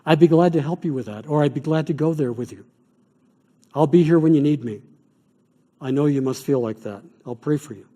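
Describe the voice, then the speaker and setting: A middle-aged man, a chaplain, teaching an evening class on grief care in an earnest, measured way, with stories from his work. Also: mid-range voice, warm tone. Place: classroom or church hall.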